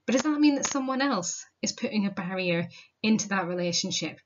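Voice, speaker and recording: A woman's voice: mid-range voice, expressive, brisk, lo-fi sound, slight background noise. A woman teacher explaining a poem in a recorded lesson, posing questions to her students as she goes. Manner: explanatory, asks rhetorical questions, casual fillers. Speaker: literature teacher.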